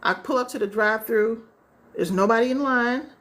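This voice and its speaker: A woman's voice: a little high, moderate pace, a bit bright. A woman relationship coach talking casually to a live audience, telling stories and asking rhetorical questions, with features. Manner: conversational, storytelling with acted-out quotes and rhetorical asides. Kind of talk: casual live-stream talk.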